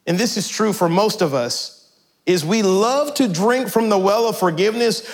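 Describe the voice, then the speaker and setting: Male pastor, high-pitched, conversational sermon with animated asides. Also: moderate pace.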